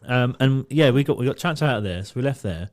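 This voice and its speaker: A young man on a podcast, telling a swearing, animated anecdote with quoted voices in casual chat. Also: medium pitch, brisk. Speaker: podcast co-host.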